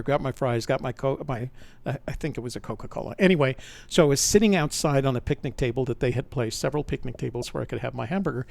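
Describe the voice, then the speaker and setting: A man's voice: mid-range voice, vocal fry, no echo. An older man, a podcast host, telling a personal story in a rambling, conversational way, often correcting himself mid-sentence.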